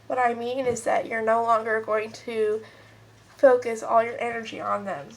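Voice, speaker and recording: A woman's voice: a little high, level tone, moderate pace, slight background noise, rough recording. Stuffy-nosed woman doing a chatty tarot reading. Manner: chatty, rambling, talks straight to viewers. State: stuffed up, sniffly nose. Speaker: tarot card reader. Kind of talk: casual pick-a-card tarot reading. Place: at home with kids and a puppy nearby.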